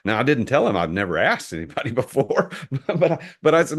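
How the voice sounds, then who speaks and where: A middle-aged man from the US, a podcast guest telling a business story in an animated way, often repeating words as he starts a sentence. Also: mid-range voice, brisk. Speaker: entrepreneur guest.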